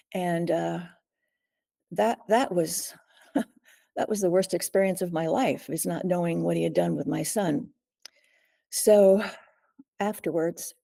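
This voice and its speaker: An older woman, a guest in an interview, recounting a frightening ordeal slowly and steadily, often pausing to clear her throat. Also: on the low side, warm tone. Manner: measured, frequent throat clearing. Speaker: guest, author.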